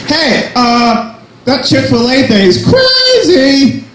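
A man's voice: high-pitched, lively intonation, measured pace, a little mellow, roomy sound, a little hiss or hum, poor audio. A young man doing a crude, self-mocking stand-up set at an open mic, full of jumpy asides. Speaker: stand-up comedian. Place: small cafe comedy night.

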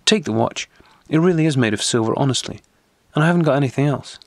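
A man's voice: mid-range voice, fast, dry recording, voice pushed up, natural voice. A man voicing a frightened young schoolboy who pleads nervously, in an audiobook reading. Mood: pleading.

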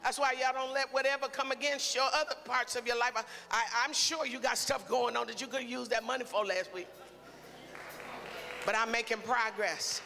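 A male preacher delivering a call-and-response sermon, exhorting the congregation and building to shouts. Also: very high voice, fairly even intonation, moderate pace, creaky. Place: church sanctuary. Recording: reverberant church hall, faint crowd.

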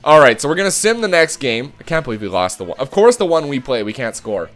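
A man hosting let's-play commentary of a hockey video game, excitable, who swears and shouts at the game. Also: mid-range voice, fast talker, faint music behind. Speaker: gaming channel host.

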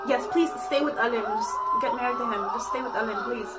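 A woman vlogging her reaction to a video on a phone, talking excitably with loud outbursts and laughter. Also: on the high side, brisk, over a noisy crowd, poor audio. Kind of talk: reaction vlog chat. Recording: music playing loudly behind. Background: music from the video being watched.

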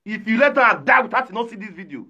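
A man with a Nigerian Pidgin accent runs a livestream rant in a high, bright, forceful voice. He taunts his rivals, calls out names and greets viewers one after another. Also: lively intonation, quick pace, slightly rough, muffled recording. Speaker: livestream host.

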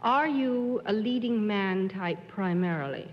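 A woman on a TV game show panel, asking crisp, direct questions. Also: medium pitch, a little slow. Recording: dull 1950s TV studio sound with hall echo and hiss.

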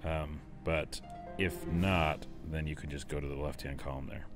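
A man's voice: a bass voice, steady tone, moderate pace, over music. A man casually talking through a mobile game, chatty and enthusiastic, rambling as he plays. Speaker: let's play host.

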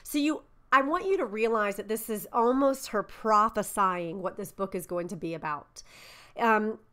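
A woman's voice: mid-range voice, moderate pace, fairly bright tone. A woman teaching a Bible study in an earnest, conversational way, reading passages aloud and explaining them. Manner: earnest, conversational, with fillers and restarts.

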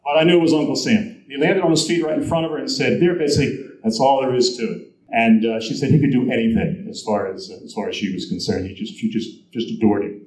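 A guest speaker at a convention, with a mid-range voice, tells anecdotes quickly and acts out the quotes in his stories. Recorded on a handheld device in the audience, the sound is roomy and has a little hiss or hum.

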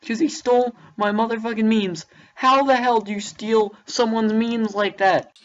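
A woman's voice: a little high, steady tone, moderate pace, lo-fi sound. A young woman ranting to camera in mock outrage, calling her listeners mates. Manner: mock-outraged, repeats "mate". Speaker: youtuber. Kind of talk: comedic rant to camera.

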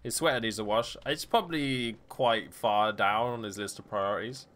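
A man's voice: fairly low pitch, normal speed, fairly bright tone. A young man streaming a game, chatting casually and joking with frequent laughs. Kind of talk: casual gameplay commentary.

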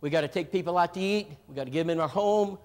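Rapid-fire and on the high side, a man preaches at a church seminar, telling animated stories and acting out their characters. The live stream from the church hall has a long hall reverb.

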